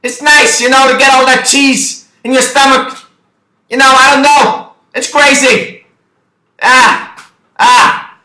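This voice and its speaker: A man voicing a loud male stand-up comedian who rants in exasperated shouts. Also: very high-pitched, level tone, slow pace, heavily acted. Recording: echoey room.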